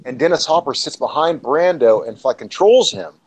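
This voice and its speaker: A man's voice: on the high side, lively intonation, normal speed, breathy edge, low-quality recording. A man co-hosting a casual livestream podcast, telling a long anecdote full of fillers, restarts and swearing. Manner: rambling, profane anecdote-telling with many fillers. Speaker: podcast co-host. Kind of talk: casual storytelling chat.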